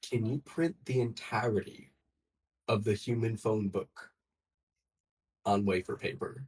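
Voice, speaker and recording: A man's voice: lowish voice, steady tone, a little slow, a little mellow. A man playing in a tabletop game, hesitant and playful, with many fillers. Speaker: player. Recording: somewhat distant from the mic.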